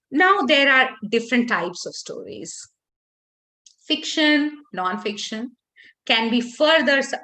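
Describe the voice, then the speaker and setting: Lady trainer, highish voice, lots of ups and downs in her tone, restarts a lot. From India. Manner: expressive, varies intonation, frequent restarts. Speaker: workshop trainer for teachers. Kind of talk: lively teacher-training workshop talk.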